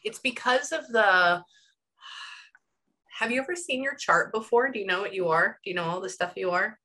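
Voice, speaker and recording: A woman's voice: medium pitch, normal speed, pushed and bright. A woman astrologer and psychic reader giving a casual one-on-one session over a video call, chatty and rambling with lots of "like". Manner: chatty and rambling, heavy use of "like". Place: home room. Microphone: headphones on a video call.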